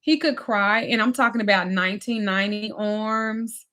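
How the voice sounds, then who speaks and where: A woman's voice: medium pitch, normal speed. Brief: female life coach, frank and emphatic, casual storytelling delivery. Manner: candid, emphatic, swings from animated to drained. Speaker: spiritual teacher and life coach. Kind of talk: personal storytelling in a teaching talk.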